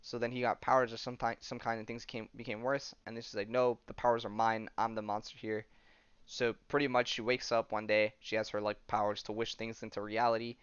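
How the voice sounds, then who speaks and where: Podcast dude retelling a comic, "she's like" every line, smooth voice, bit muffled. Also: fairly low pitch, flat delivery, a little fast, fairly bright tone, no echo. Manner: rambling, full of "she's like" and fillers. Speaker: podcast host. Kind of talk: casual retelling of a comic story.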